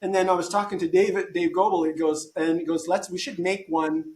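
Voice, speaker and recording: A man's voice: sits high, fairly even intonation, fairly quick, darkish tone, echoey room. A man talking as a guest in a casual conversation. He thinks aloud and often restarts his sentences.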